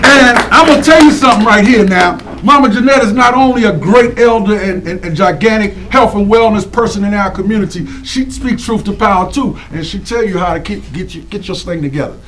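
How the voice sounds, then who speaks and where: A man honoring community women in lively, preacherly shout-outs to an audience, drawing out names and calling for responses. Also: high voice, slight background noise, poor audio. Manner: preacherly call-and-response, animated, drawn-out names.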